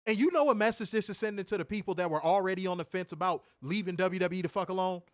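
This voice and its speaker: A man's voice: high voice, fast talker, dry recording. Podcast co-host, male, angry profane rant, dry close sound. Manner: profane, fiery, repetitive rhetorical questions. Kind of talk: heated ranting commentary.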